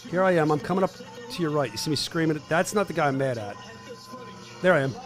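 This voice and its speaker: Man, middle-aged, podcast host, brash, joking, rapid, higher voice. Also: animated, music in the background. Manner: brash, joking, talks over clips. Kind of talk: casual podcast chat.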